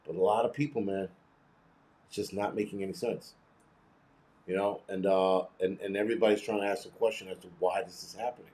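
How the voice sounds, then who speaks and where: A man's voice: fairly low pitch, a little fast, dark tone. Blunt, profane New man ranting. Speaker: host. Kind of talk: casual livestream commentary.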